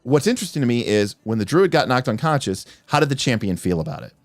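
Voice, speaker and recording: A man hosting a livestream, talking about tabletop role-playing games as a game master and acting out players' lines in quick asides. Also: mid-range voice, big pitch swings, no echo, soft background music. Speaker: game master and podcast host.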